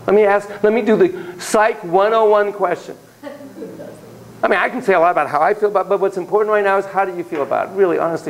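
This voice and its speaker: A man's voice: sits high, fast, rough recording. A man giving a classroom lecture on parenting, acting out quoted voices and digressing with laughter. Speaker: psychology lecturer.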